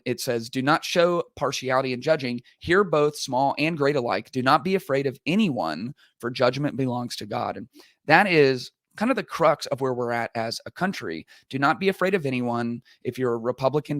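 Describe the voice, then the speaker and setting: A man's voice: medium pitch, a little fast, a bit bright, no echo, clean studio sound. A man hosting a podcast as a pastor, talking through the news in a casual, conversational way with plenty of fillers. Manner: casual and conversational, many fillers, quotes both sides in mock voices. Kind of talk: podcast commentary monologue.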